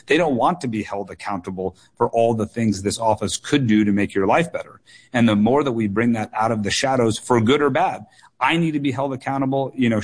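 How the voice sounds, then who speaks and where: A man in his thirties, a political candidate answering questions on a radio call-in show, earnest and repeating words for emphasis. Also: medium pitch. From United States.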